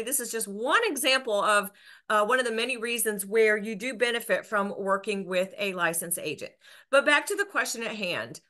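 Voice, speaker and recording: This woman's voice is fairly high, bright and pushed. She's a real estate broker explaining rules to agents in an earnest educational video to camera, with frequent restarts and fillers.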